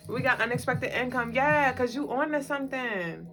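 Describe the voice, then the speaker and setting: A woman's voice: high voice, expressive, normal speed. Emphatic woman on a spiritual livestream, music behind. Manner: repetitive, emphatic, speaking straight to viewers. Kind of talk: casual spiritual livestream talk.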